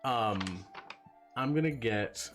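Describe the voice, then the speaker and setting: A man's voice: mid-range voice, slow pace, fairly bright tone, faint music behind. A man taking part as a player in a tabletop game, talking casually and laughing often.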